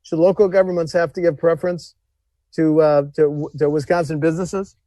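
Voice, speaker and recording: A male interviewer with a somewhat high voice asks measured questions, pausing and restarting now and then. The recording is dry and close-miked. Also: level tone, mellow, no echo. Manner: measured questioning with small hesitations.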